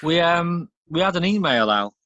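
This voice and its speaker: A man co-hosting a podcast in casual chat, with a dry, deadpan manner. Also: fairly high pitch, normal speed, no room sound, highs cut off. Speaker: podcast co-host.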